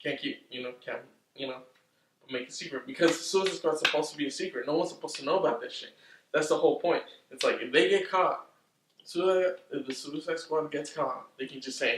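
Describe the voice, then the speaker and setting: A man casually recapping a film's plot, rambling, swearing often and getting excitable. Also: fairly high pitch, fairly quick. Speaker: movie reviewer. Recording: roomy, distant from the mic.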